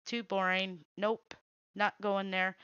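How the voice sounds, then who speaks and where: A woman's voice: medium pitch, flat delivery, pushed and bright, clean tone, no echo, lo-fi sound. A woman hosting, giving blunt, reactive running commentary as she scrolls through videos. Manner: blunt, reactive, quick to say nope. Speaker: host.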